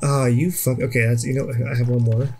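A man giving casual, excitable gameplay commentary, swearing often and yelling at the game. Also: medium pitch, a little fast, soft background music. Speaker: let's play co-host.

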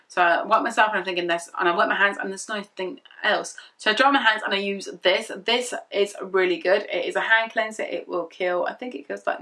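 A woman's voice: mid-range voice, bright, forceful tone. A young woman chatting casually through a product review, rambling and repeating herself as she gushes. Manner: rambling, repetitive and gushing. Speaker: beauty vlogger.

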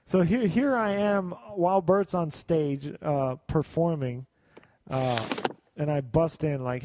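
A man hosting a podcast, telling rambling, excitable stories and swearing freely in casual chat. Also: on the high side, measured pace, slight background noise. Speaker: podcast host. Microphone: video call setup.

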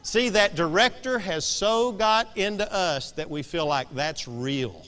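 A man preaching a sermon, swinging between hushed lines and sudden shouts. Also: on the high side, unhurried, long reverb tail. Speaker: pastor. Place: church sanctuary.

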